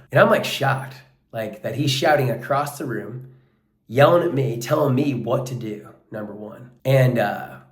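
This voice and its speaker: A man's voice: medium pitch, roomy sound. A man talking casually as a coach in a vlog, earnest and full of "like" and "bro", sweaty after a workout. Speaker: wrestling coach and life coach.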